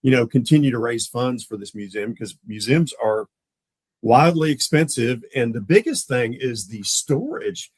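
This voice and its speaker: Animated storytelling man. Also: mid-range voice, normal speed, dry recording, rough recording. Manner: animated, acts out the voices in his stories. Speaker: police lieutenant guest. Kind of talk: casual storytelling in a podcast interview.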